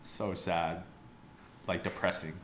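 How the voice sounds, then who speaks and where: A man's voice: deep voice, little pitch movement, slow pace, a bit bright. A young man casually reviewing a photobook, rambling and swearing, with lots of "like". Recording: roomy sound with faint background noise.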